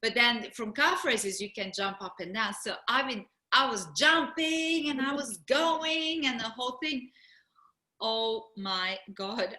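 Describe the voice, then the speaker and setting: A middle-aged woman co-hosting a casual chat, telling a lively story, laughing often and acting out what people said. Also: on the high side, a little slow, reverberant. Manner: animated storyteller, laughs often, acts out quotes. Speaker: co-host.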